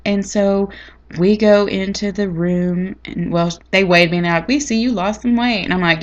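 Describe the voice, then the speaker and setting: A woman's voice: mid-range voice, fairly even intonation, normal speed, lo-fi sound. A woman telling a personal story in a chatty, dramatic, folksy way. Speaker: vlogger. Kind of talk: casual storytelling to camera.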